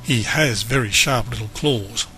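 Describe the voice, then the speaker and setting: A man reading aloud, voicing a flustered father who yells in panic over a small animal. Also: mid-range voice, measured pace, faint music behind. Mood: wary. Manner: yelling, panicky.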